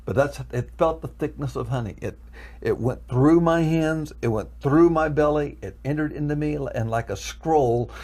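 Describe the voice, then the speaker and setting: A man's voice: mid-range voice, darkish tone. A man telling a personal story as a guest, in an earnest, building way. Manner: earnest, building to emotional intensity. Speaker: minister telling a testimony.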